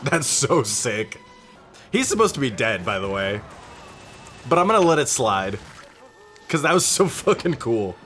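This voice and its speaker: A young man giving casual, excited reaction commentary on a show, swearing often and laughing as he watches. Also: mid-range voice, measured pace, pauses often, faint music behind. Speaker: reaction video host.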